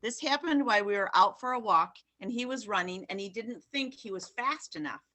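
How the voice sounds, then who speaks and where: A woman's voice: medium pitch, lively intonation, brisk, pushed and bright. A woman moderating a session, reading questions aloud plainly and steadily.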